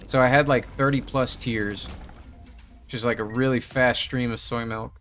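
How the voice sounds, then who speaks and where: A man's voice: medium pitch, steady tone, moderate pace, fairly bright tone. A young man casually telling a story while playing a game, rambling, swearing often and laughing. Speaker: gaming video host. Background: faint game music.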